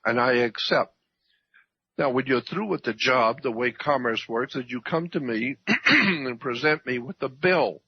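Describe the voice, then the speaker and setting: A man explaining at length as a radio guest, emphatic, repeating his points and often clearing his throat. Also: medium pitch, measured pace. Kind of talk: lecturing radio talk. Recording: dull dry radio audio.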